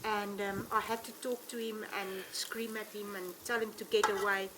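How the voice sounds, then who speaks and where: A woman, a safari ranger, telling animated stories with frequent ums. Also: mid-range voice, moderate pace, heavy background noise. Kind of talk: telling anecdotes in an interview.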